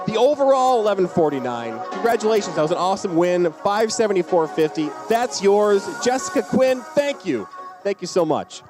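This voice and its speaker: A man's voice: sits high, lively intonation, over music. A middle-aged man hosting a charity auction, cheerfully announcing prize winners and stretching out their names. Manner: upbeat, drawn-out name calls.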